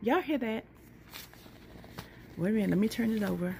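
A woman's voice: medium pitch, moderate pace, vocal fry, noisy background. A woman chatting to her viewers as a couponing vlogger, laughing often and calling them y'all. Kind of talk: casual chat to viewers.

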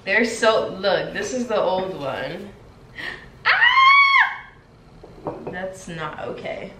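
Slow, sassy young woman in a roomy echo. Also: on the low side, lively intonation. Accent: put-on British. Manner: chatty, sassy, slow and drawn out. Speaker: vlogger. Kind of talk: casual vlog chat. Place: her home, indoors. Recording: roomy echo, faint room noise.

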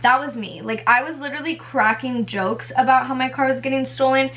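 Young woman vlogger, high bright voice, chatty storytime, animated and filler-heavy. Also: lo-fi sound. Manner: animated, fast-paced retelling with many fillers and acted-out quotes. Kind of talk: casual storytime.

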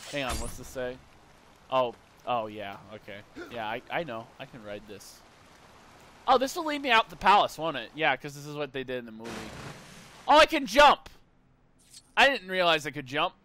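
A man's voice: mid-range voice, very animated, a little fast, pushed and bright, slight background noise. A young man casually commenting while playing a video game, rambling and wistful with sudden playful outbursts. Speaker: gameplay streamer.

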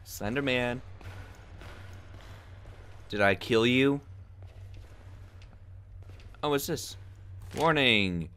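Male horror gamer, slow jokey muttering, bright tone, panics loud when scared. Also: medium pitch, clean tone. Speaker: let's play gamer. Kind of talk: horror game commentary.

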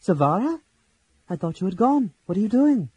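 A young elf woman with a husky, strained edge, her voice rising high and loud, as a male audiobook reader acts her out. She sounds tense and emphatic in a storybook reading. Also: very animated, moderate pace, no echo, muffled recording, exaggerated voice. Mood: pleading. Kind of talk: audiobook character voice.

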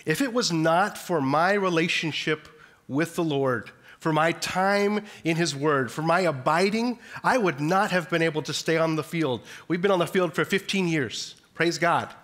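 A man's voice: fairly high pitch, normal speed, fairly bright tone. A man, a missionary, giving an earnest chapel sermon with frequent restarts. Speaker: missionary speaker.

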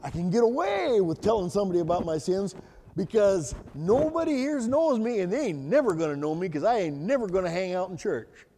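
A man's voice: high voice, sing-song, a little fast, mellow. A man telling his story as a sermon testimony in a church, in a folksy, colloquial way. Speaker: guest speaker giving testimony. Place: church sanctuary. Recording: echoey church hall reverb.

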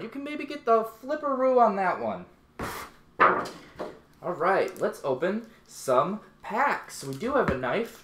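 A man giving casual, playful commentary while opening card packs, his voice jumping high when excited. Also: a little hiss or hum. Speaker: YouTube unboxing host. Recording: echoey room.

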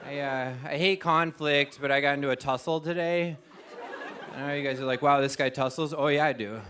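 High-voiced man doing stand-up. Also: a little fast, a crowd in the background. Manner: self-mocking, acts out voices of objects. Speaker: stand-up comedian. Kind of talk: stand-up comedy set. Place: TV studio stage with live audience. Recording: audience laughter and studio noise. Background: audience laughing.

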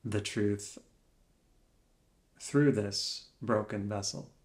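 A man sits alone in a room and muses aloud in an unhurried, reflective vlog. His speech is slow and halting, full of searching pauses and phrases that fade off quietly. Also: fairly low pitch. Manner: soft-spoken, trailing off quietly. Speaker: vlogger.

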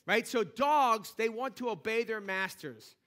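A man's voice: high-pitched, a little slow, pushed and bright. A man preaching a sermon as pastor in a church, talking conversationally with lots of restarts and rising energy. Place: church sanctuary.

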